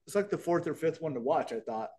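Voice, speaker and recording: A man's voice: fairly high pitch, expressive, quick pace, dark tone, slightly rough. A middle-aged man co-hosting a podcast, chatting casually and rambling with many restarts. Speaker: podcast co-host. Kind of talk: casual chat.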